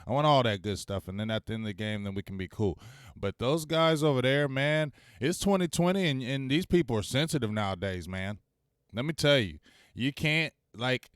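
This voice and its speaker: A man in his forties hosting a casual live-stream sports talk show, energetic and salty, firing off shout-outs. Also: medium pitch, normal speed, smooth, dry recording, studio quality.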